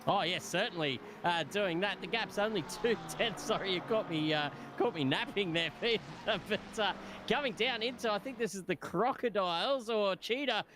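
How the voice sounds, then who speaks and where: A high-pitched man commentates a sim race live, chatty and excitable. He laughs between calls. Steady noise sits under the stream audio. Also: moderate pace.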